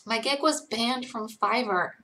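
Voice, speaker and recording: Woman, 20s, from Georgia, faint Southern accent, livestream host, rambling casual chat, vocal fry. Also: a little high, unhurried, sharp tone. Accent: light Connecticut-tinged American, little Southern. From Georgia, USA. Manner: chatty, rambling, many likes and ums. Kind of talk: casual live chat reading viewer questions.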